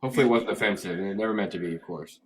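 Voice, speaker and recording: A man hosts a casual live show and tells rambling stories to a friend. He talks quickly and keeps moving from one thought to the next. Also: on the low side. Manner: chatty, rambling storyteller. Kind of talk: casual chat.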